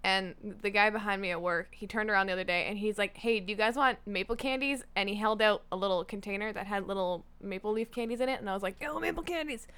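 Bright, lively young woman telling a story. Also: mid-range voice, fast, few pauses, clean tone. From Niagara region, Canada. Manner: animated storyteller, acts out quotes, laughs often, swears. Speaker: podcast co-host. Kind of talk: casual chat.

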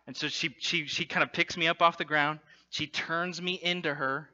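A man addressing a congregation, telling a self-deprecating personal story with lots of fillers and animated storytelling. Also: fairly high pitch, a little fast, hardly any pauses, lo-fi sound. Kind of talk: humorous personal story in a talk.

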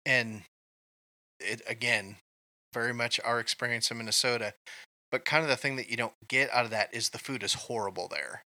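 A man's voice: mid-range voice, fairly even intonation, moderate pace, bright, forceful tone, no echo. A man from Kansas co-hosting a casual movie chat, telling rambling stories with many ums. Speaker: podcast co-host.

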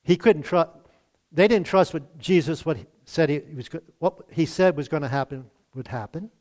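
A man's voice: on the high side, moderate pace, a little mellow. A man preaching a sermon in a conversational way, often chuckling and acting out the lines he quotes. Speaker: pastor.

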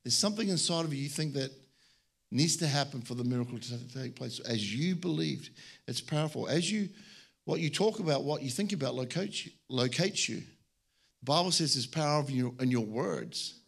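A man's voice: mid-range voice, normal speed, creaky, breathy edge. A man preaching a sermon at a church service, joking and telling stories with lots of restarts. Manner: animated, joking, storytelling with many restarts.

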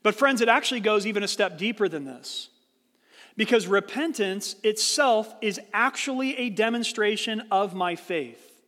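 A man with a high, light voice preaches a sermon, telling a story and voicing its people before explaining the point with earnest care. The sound carries a long reverb, as in a large hall. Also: lively intonation, normal speed, a bit bright. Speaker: pastor.

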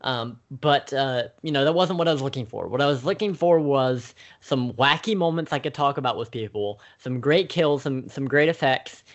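Man, young adult, podcast co-host, measured, thoughtful, frequent ums. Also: medium pitch, highs cut off. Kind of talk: casual conversation.

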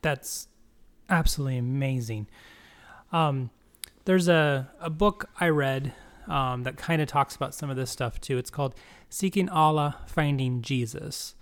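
A man's voice: medium pitch, measured pace. A man hosting a talk show, speaking hesitantly with many fillers and repeating words for emphasis. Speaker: host. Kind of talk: casual chat.

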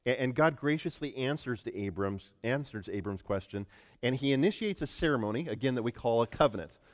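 A man's voice: medium pitch, animated, a little fast. A man preaching a sermon to a congregation, talking through scripture in a conversational way and asking them questions. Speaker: pastor. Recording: long hall reverb.

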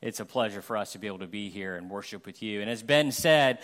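A man's voice: on the low side, fast talker, a bit bright. A middle-aged man from Florida preaching a sermon as a guest pastor, conversational and self-deprecating, acting out everyday examples with humor.

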